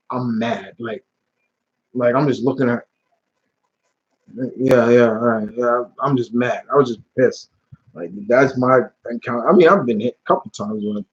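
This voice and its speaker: A man's voice: mid-range voice, slightly rough, muffled recording. Casual slangy man on a live stream. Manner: rambling, animated storytelling with slang and restarts. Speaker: YouTube channel host answering live chat questions.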